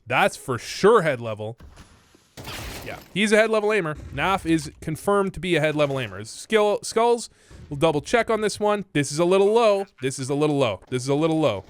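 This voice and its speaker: A man's voice: fairly high pitch, lively intonation, fairly quick. A young man from Canada giving casual, rambling commentary while reviewing gameplay, swearing and using lots of fillers. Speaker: gaming content creator. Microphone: desk microphone.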